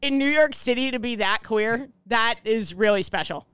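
Woman, podcast co-host, casual comedic chat, joking and riffing, slightly high voice, dry close sound. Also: normal speed, fairly bright tone, clear, resonant tone, dry recording. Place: apartment.

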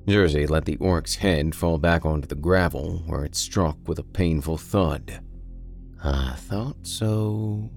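Very deep, gravelly male horror narrator. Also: fairly even intonation, faint music behind. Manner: slow, deliberate and dark. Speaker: podcast storyteller. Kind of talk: dramatic horror story narration.

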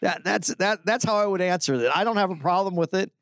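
A man's voice: high-pitched, fast talker, fairly bright tone, dry recording, studio quality. A man co-hosting a podcast in casual chat, laid-back and hesitant, often restarting his sentences. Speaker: podcast co-host.

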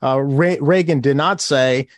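A man's voice: medium pitch, a little slow, dry recording. A man who is an author, giving a podcast interview and explaining his points with emphasis, acting out the phrases he quotes.

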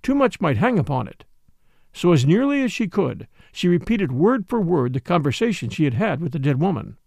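A male narrator reads a mystery novel aloud with a gravelly grain and a lively, rising and falling delivery. He tells it in a measured, expressive way. The sound is close and completely dry. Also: fairly high pitch, no room sound. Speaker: audiobook narrator. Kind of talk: scripted narration.

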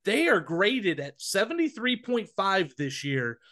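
A man co-hosting a college football podcast, talking emphatically with quick restarts. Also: sits high, big pitch swings, sharp tone. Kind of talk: casual sports podcast chat.

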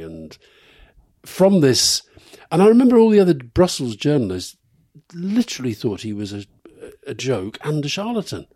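Man, middle-aged, lowish voice, rambling anecdotal chat, chuckles often, dry close sound. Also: darkish tone, breathy edge, no echo. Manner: rambling storyteller, chuckles at his own stories. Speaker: podcast co-host. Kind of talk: casual anecdotal chat, live podcast.

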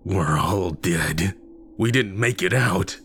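A man voicing a cackling, creepy corpse actor who speaks slowly and low. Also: a bit bright, slight background noise. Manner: slow, low and drawn out.

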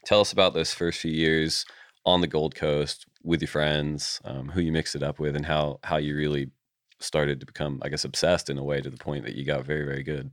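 A man's voice: a bass voice, little pitch movement, fairly quick, no room sound, clean studio sound. A male podcast host asking casual, hesitant questions with restarts. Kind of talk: casual interview.

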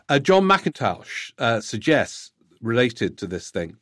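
A man's voice: medium pitch, no echo, clean studio sound. A man hosting a podcast, reading out listener emails and then commenting on them in a conversational way, with frequent "uh"s. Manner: reads letters aloud, then comments with frequent fillers.

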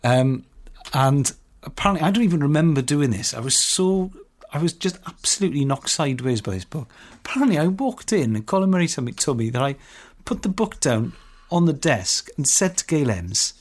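A man's voice: a little high, very animated, a little fast, few pauses. A man co-hosting a podcast, telling stories in a casual, enthusiastic way and laughing often. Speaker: podcast co-host. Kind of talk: casual chat.

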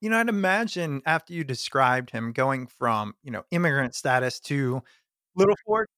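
A man's voice: medium pitch, sing-song, moderate pace, sharp tone, no room sound, clean studio sound. A man hosting a podcast, asking the guest thoughtful, curious questions. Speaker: podcast host, interviewer. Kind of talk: interview questions.

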